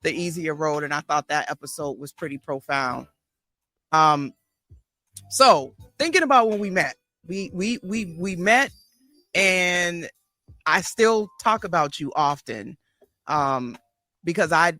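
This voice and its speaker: A woman's voice: low-pitched, animated, measured pace, pushed and bright, dry recording. A woman therapist and host recalling a past conversation in a reflective, thoughtful way, with restarts. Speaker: therapist and life coach, host. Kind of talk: casual conversation.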